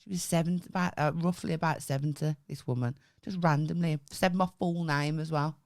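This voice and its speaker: A woman's voice: low voice, steady tone, brisk, a little mellow, no echo, clean studio sound. A woman co-hosting a casual comedy podcast, swearing and laughing as she tells stories. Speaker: podcast co-host. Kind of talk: casual chat.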